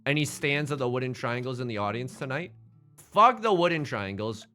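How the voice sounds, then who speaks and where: A man streaming a building game live, thinking aloud in an excitable, joking way and swearing at his own designs. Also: mid-range voice, brisk, soft background music. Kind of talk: live gameplay commentary.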